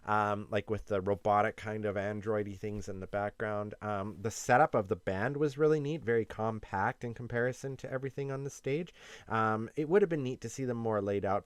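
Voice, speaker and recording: Canadian guy rambling excitedly about results, low-ish smooth voice, lots of ums. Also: no echo. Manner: enthusiastic, rambling, filler-heavy. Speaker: YouTuber and radio host. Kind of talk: casual reaction commentary.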